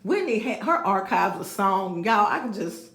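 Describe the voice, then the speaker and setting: A woman's voice: medium pitch, sing-song, moderate pace, a bit bright, reverberant. A woman vlogger chatting and laughing with her viewers between a cappella songs. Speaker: vlogger singing covers. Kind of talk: casual chat between a cappella singing.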